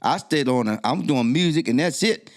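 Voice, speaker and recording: A middle-aged man, a guest DJ, telling a personal story in a podcast interview, his voice jumping high when he quotes himself. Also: lively intonation, normal speed.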